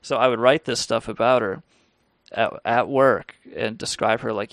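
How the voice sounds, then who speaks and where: Gravelly-voiced man telling crude stories. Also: mid-range voice, fairly even intonation, moderate pace, fairly bright tone, no echo. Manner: crude, rambling, laughs through his stories. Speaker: radio show host. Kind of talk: casual storytelling on a call-in show.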